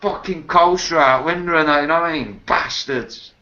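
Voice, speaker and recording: A man's voice: fairly high pitch, moderate pace, sharp tone. Sweary man, casual chat. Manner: swears constantly, tells stories with acted quotes. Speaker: podcast host. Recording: dull lo-fi recording.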